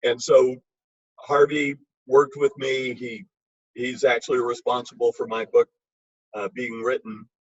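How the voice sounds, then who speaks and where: A man's voice: mid-range voice, flat delivery, measured pace, slightly rough. A man giving an informal, emphatic lecture on wine with blunt, chatty asides. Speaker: wine educator. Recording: dull lo-fi recording.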